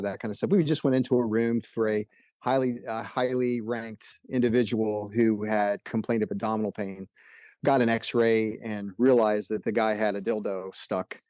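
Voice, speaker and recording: A man's voice: fairly low pitch, a little mellow, no room sound. A middle-aged man, an emergency physician and podcast guest, telling stories in a laid-back, chuckling way. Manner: laid-back anecdotal delivery, chuckles often. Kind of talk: casual podcast storytelling.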